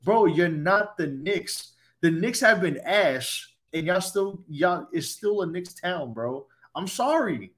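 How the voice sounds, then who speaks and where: A man's voice: high voice, expressive, slow, few pauses. Trash-talking man ranting about basketball. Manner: loud, profane trash talk with mock voices. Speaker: sports podcast co-host. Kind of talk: heated casual sports banter.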